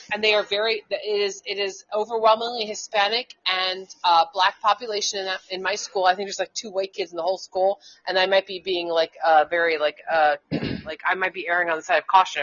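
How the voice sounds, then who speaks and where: A schoolteacher co-hosting a casual political talk show speaks heatedly and rambles, restarting often and cursing a lot. Her mid-range voice is steady in tone, a bit bright, and a little fast. The internet radio recording sounds dull and lo-fi.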